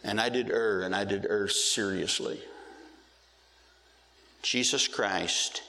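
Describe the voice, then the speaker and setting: A middle-aged male pastor preaching a sermon, stretching out key words slowly for emphasis. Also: lowish voice, steady tone, sharp tone. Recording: hall reverb.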